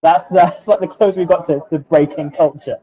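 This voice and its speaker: A man's voice: a little high, fairly even intonation, brisk, muffled recording. A Welsh man talking as an interview guest, self-deprecating and chuckling, with many hesitant fillers. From Wales. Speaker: guest, YouTube rugby analyst. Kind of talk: casual interview chat.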